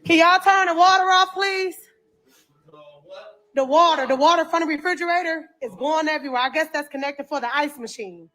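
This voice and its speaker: A woman filming on her phone while clearing out a dirty house, talking bluntly with lots of swearing and exclamations. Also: high voice, brisk, fairly bright tone. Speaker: cleanup crew member filming a house. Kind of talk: casual vlog commentary while working.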